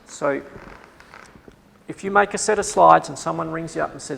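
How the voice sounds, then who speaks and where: A man's voice: on the high side, moderate pace, creaky, pauses often, fairly bright tone, in a large hall, poor audio. A man with an Australian accent giving a workshop lecture to staff, emphatic and repeating his key advice.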